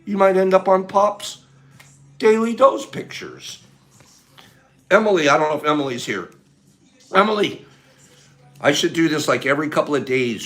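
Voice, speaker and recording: A man hosting a casual livestream, emotional and animated, swinging from loud bursts to soft, choked-up murmurs. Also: high voice. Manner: emotional, gets choked up and clears his throat. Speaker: livestream host.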